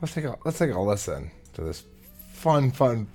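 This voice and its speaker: A man hosting a podcast, introducing a guest in a slow, playful way and swearing freely. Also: fairly low pitch, very animated, warm tone, husky, soft background music. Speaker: podcast host.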